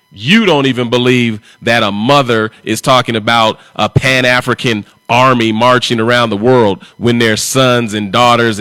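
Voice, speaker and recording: A man's voice: mid-range voice, fairly bright tone, no room sound. A man hosting a live stream, talking in an emphatic, repetitive and confrontational way. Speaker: livestream host.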